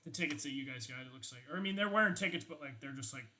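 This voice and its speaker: Young rambling game master, bright voice. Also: male voice, mid-range voice, expressive, racing, slight background noise, poor audio. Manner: rambling, lots of "like" and swearing. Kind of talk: narrating a tabletop game, casual.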